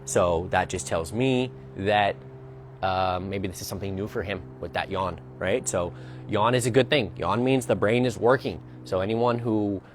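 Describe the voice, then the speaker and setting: A man's voice: on the low side, moderate pace, slight background noise. A man working as a dog trainer, explaining a training session outdoors as he goes and often checking in with "right?". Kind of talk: narrated training demonstration.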